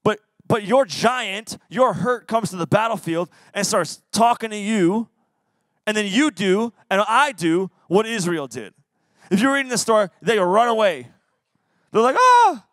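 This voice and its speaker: High-voiced young man preaching to youth. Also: animated, unhurried, a bit bright, no echo. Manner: playful, acts out voices and quotes. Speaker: youth pastor. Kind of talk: youth sermon. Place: church youth service.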